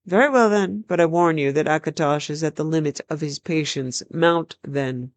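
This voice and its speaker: A storyteller voicing a stern, haughty dark elf warrior in a read-aloud fantasy tale, measured and commanding. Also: mid-range voice, no echo, lightly acted. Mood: impatient.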